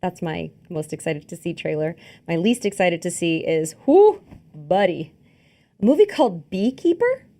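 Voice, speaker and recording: A woman co-hosting a podcast, chatting casually about film trailers, rambling with fillers and quick laughs. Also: lowish voice, big pitch swings, dark tone. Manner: rambling, lots of fillers and restarts, laughs easily. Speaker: podcast co-host.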